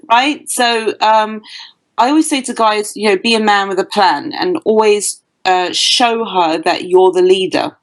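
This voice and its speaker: A woman's voice: mid-range voice, a little slow, rough recording. Blunt British woman giving dating advice. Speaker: dating coach guest. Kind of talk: podcast interview.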